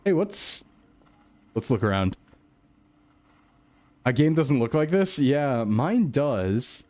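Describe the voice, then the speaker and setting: A male streamer with a voice sitting at an ordinary middle pitch. He chats casually while he plays, rambling to himself and to his chat. He is jumpy and quick to startle. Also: very animated, a little mellow.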